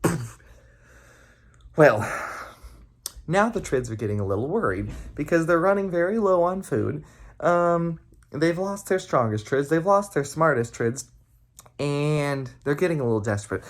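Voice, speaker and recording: A young adult man, a camp counselor, telling a campfire story with sound effects and shouts. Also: mid-range voice.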